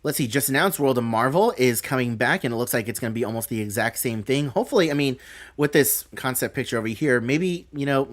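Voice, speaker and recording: A man's voice: medium pitch, expressive, fast. A man hosting a live stream, reading out announcements and thinking aloud with a rambling, casual manner.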